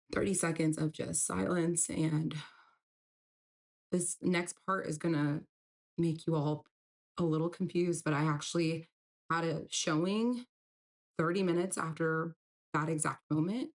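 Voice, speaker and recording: A woman's voice: low-pitched, gravelly, a little mellow. A young woman candidly telling a painful personal story, getting emotional at the hardest parts. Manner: candid, breaks into tearful emotion at hard moments. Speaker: storyteller recounting a breakup.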